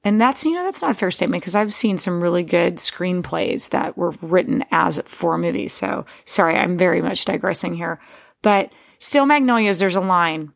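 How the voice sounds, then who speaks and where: A woman's voice: lowish voice, lively intonation, normal speed, gravelly. A woman hosting a podcast, talking in a rambling, digressive casual monologue with frequent restarts. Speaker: podcast host.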